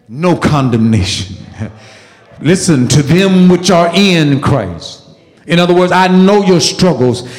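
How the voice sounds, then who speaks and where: A man preaching a sermon with fiery call-and-response delivery that rises to shouts. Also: on the high side, roomy sound, in a large hall.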